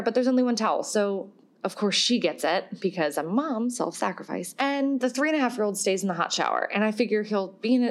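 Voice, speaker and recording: A woman in her thirties hosting a podcast, telling a story in a chatty, self-deprecating way and laughing often. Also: mid-range voice. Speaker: podcast host. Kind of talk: casual storytelling.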